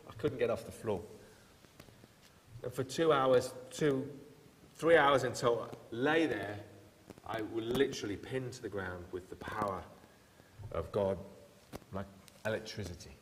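A man preaching a sermon in an earnest, storytelling way, with quiet prayerful moments. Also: medium pitch, moderate pace, long pauses. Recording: echoey hall with faint hiss.

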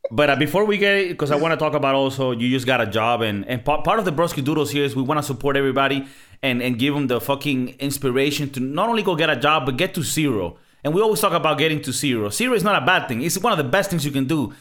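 A man's voice: medium pitch, fast talker, fairly bright tone. A man hosting a podcast in casual chat, profane and rambling. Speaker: podcast host.

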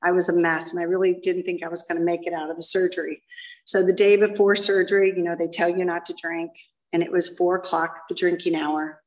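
A woman's voice: on the low side, flat delivery, fairly quick. A middle-aged woman giving a candid, self-deprecating personal testimony to a live audience in a meeting room. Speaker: speaker sharing her story at a recovery meeting. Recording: voice picked up from a distance.

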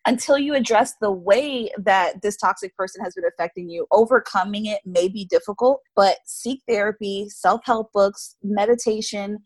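A woman's voice: mid-range voice, moderate pace, hardly any pauses. A woman in a mid-range voice co-hosts a podcast, giving earnest advice with self-deprecating, playful asides. Her voice is dry, with no room echo. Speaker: podcast co-host. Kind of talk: casual chat.

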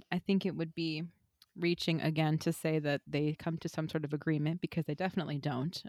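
A woman's voice: on the low side, a bit bright, dry recording, studio quality. A woman hosting a casual book-club podcast, summarizing a chapter in a chatty way with many fillers and restarts.

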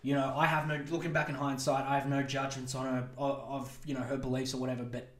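A man in his twenties, a podcast host telling a crude, animated story and acting out quotes in raised voices. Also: medium pitch, fast. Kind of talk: casual storytelling monologue. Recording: roomy echo.

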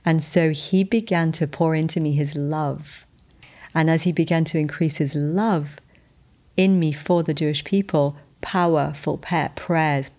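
A woman tells a personal faith story as a podcast host, her voice set low and grainy with fry. She speaks earnestly and from the heart, often restarting her sentences as she gathers her thoughts. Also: a little mellow.

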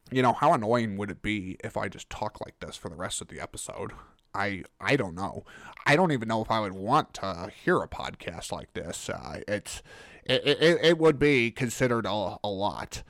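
A man's voice: lowish voice, expressive, normal speed, fairly bright tone, no room sound. Rambling young man, dry close mic. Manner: rambling, self-mocking, with many restarts. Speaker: podcast host. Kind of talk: casual solo podcast monologue.

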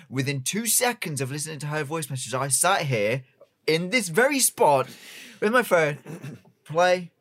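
A man's voice: fairly high pitch, a bit bright. A man in a casual chat, defensive and stammering, restarting his sentences. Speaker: podcast co-host.

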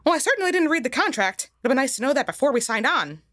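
A woman putting on a high falsetto voice as a chipper, polite male cartoon mouse with folksy old-fashioned exclamations. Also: big pitch swings, racing, a bit bright, dry recording. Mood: indignant.

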